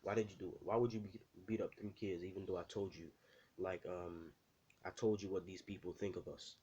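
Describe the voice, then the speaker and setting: A man's voice: deep voice, steady tone, fairly quick, mellow, lo-fi sound, a little hiss or hum, natural voice. A man doing a stern scolding father. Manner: harsh, scolding. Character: stern strict father scolding his son.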